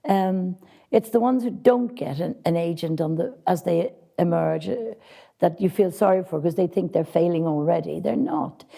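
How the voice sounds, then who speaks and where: A woman's voice: on the low side, moderate pace, gravelly, mellow. A woman casting director answering interview questions with direct, practical advice for actors, speaking frankly.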